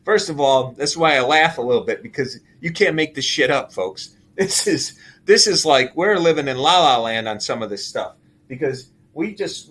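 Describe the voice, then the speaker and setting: A middle-aged man hosting casual market commentary, animated and exclaiming as he walks through figures. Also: medium pitch, normal speed. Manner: animated, exclaiming and laughing at the numbers. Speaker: show host.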